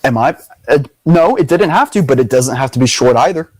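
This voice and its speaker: A young man hosting a casual debate, talking in an animated, emphatic way and leaning on the word "literally". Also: medium pitch, a little fast, no room sound, rough recording. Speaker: video host.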